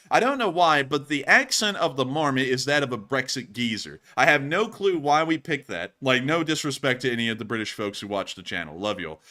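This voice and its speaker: A man hosting a casual live stream with a bright, forceful voice. He jokes and rambles in a loose, chatty way. Now and then he bursts into loud shouts and laughter. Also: medium pitch. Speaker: show host.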